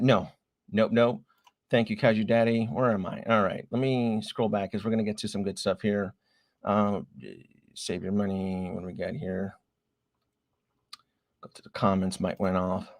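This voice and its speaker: A man with a lowish voice hosts a late-night livestream about collectible figures. He rambles casually, thinks out loud and apologizes to viewers for slip-ups. His tone stays loose and conversational.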